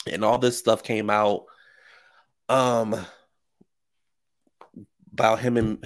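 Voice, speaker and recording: A man giving rambling, slangy commentary on reality TV gossip with lots of asides. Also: on the low side. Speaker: commentary vlogger.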